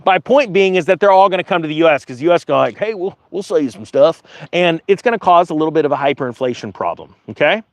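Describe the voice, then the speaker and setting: Male finance commentator, high and very lively pitch, jokey digressions, dry close sound. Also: racing, hardly any pauses, dry recording. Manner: animated, digressive, jokey asides to viewers. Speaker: finance commentator, channel host. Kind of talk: casual commentary while reading an article aloud.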